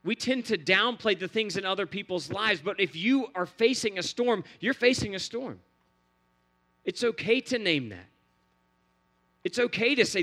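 A man's voice: high-pitched, animated, moderate pace, pushed and bright. A man preaching a sermon in an earnest, repetitive cadence, building phrase on phrase. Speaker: pastor.

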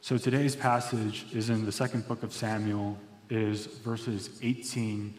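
A man's voice: on the low side, flat delivery, unhurried, darkish tone, a little hiss or hum. A man preaching a sermon as pastor, in an earnest, reflective storytelling manner. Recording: echoey hall reverb.

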